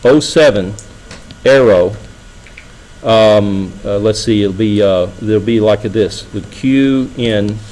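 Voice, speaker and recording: A man's voice: on the low side, slow pace, darkish tone, low-quality recording. A middle-aged man giving a classroom lecture, talking casually and checking in with the students often. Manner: conversational, asks students frequent checking questions. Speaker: engineering lecturer.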